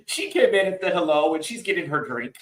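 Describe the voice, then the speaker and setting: A man's voice: high-pitched, wildly swooping pitch, moderate pace, reverberant, recorded from a distance, background noise. A man hosting a podcast, recapping a reality TV episode in a casual, gossipy way and laughing often. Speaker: podcast host.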